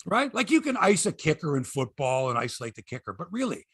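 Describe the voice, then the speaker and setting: Fairly high and husky, the host's voice moves a little quickly, with no echo on the recording. He's a Canadian sports talk show host, an energetic storyteller who curses freely and imitates the people he talks about.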